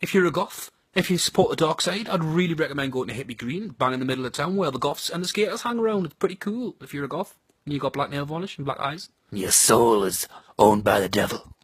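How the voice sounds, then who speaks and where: A man's voice: on the high side, lively intonation, fast talker, husky, dry recording. A man with a Geordie accent giving a crude, blunt and sardonic comic monologue about his home city. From North East England.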